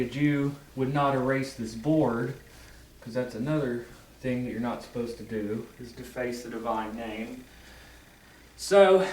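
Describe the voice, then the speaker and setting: A man teaching a lesson at a whiteboard, explaining slowly and putting questions to the viewer. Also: a little high. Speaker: occult teacher. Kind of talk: whiteboard lecture. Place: room with whiteboard. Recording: echoey room from far off.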